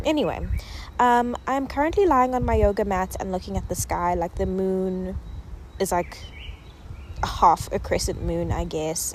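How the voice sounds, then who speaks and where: A woman's voice: lowish voice, a little mellow, slight background noise. A South African woman in her twenties hosting her podcast in a bubbly, chatty way, out of breath while lying on a yoga mat outdoors. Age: 20s. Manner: bubbly, affectionate, chatty with many fillers. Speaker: podcast host. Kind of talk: casual reflective chat.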